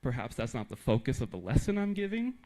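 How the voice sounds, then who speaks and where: A man from the United States giving a conference talk to teachers in a lively, emphatic way with joking asides. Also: medium pitch, fast, poor audio. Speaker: teacher trainer.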